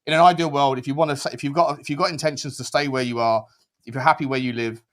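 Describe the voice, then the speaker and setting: A man hosting a casual group conversation, talking quickly and bantering with his guests. His pitch sits in an ordinary middle range. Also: fairly even intonation, fairly bright tone. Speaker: podcast host.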